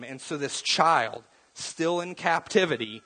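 A man's voice: mid-range voice, moderate pace, a bit bright. A man preaching a conversational sermon, often repeating words as he goes and briefly acting out the voices of the people in his story. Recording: long reverb.

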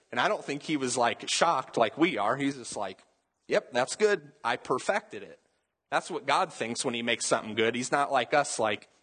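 Husky male pastor in an echoing hall. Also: mid-range voice, fairly bright tone. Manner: casual and conversational, with many "like" fillers. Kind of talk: sermon.

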